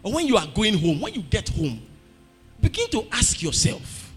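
A Nigerian man preaches with a very high, lively voice that swings widely in pitch. His tone is bright yet husky, and he bursts into shouted emphasis between stretches of storytelling. Soft music plays faintly behind him. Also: moderate pace. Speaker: pastor. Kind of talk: sermon.

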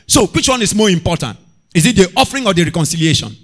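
A man preaching a sermon as a pastor, calling out to the congregation and rising into shouts. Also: high-pitched, sing-song, a little fast, vocal fry, slightly rough.

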